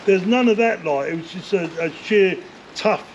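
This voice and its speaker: An older man, telling rough stories from his past in a rambling interview, swearing often and filling gaps with "like, you know.". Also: sits high, normal speed. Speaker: interview guest, former bare-knuckle fighter. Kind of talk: casual storytelling interview. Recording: dull lo-fi sound with faint noise.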